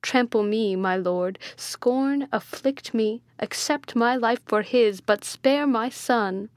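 Woman playing a devout old friar, begging and emotional, slow storybook delivery, dry sound. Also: medium pitch, no room sound, lightly acted. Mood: pleading. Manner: pleading, emotional, raised voice. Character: old male friar, pleading father, devout.

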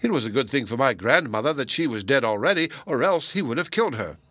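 Man voicing sly peasant, matter-of-fact, bright voice. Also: medium pitch, expressive, fast, no echo. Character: clever poor peasant man, sly and calm.

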